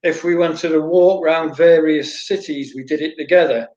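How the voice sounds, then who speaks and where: A man's voice: fairly high pitch, steady tone, normal speed, darkish tone. An older man, a former goalkeeper, telling anecdotes in an interview, often repeating words and laughing as he goes. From Wales. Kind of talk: storytelling interview answers. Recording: roomy, dull lo-fi sound.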